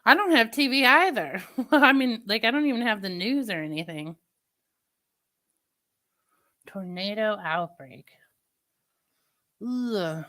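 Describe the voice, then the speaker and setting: A woman's voice: on the high side, expressive, measured pace, sharp tone. A woman chatting casually with her viewers, telling stories and laughing often. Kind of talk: casual chat.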